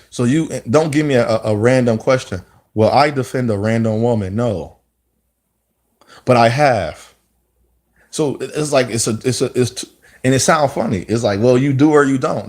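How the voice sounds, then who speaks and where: A man's voice: mid-range voice, normal speed, darkish tone. Preachy man talking with emphatic repetition. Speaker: speaker giving commentary. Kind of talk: impassioned monologue.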